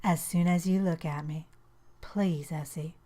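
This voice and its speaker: A woman voicing a remorseful teenage boy, soft and hushed. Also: mid-range voice, a little slow, husky. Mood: soft pleading. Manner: soft, pleading, often whispered. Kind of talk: audiobook dialogue.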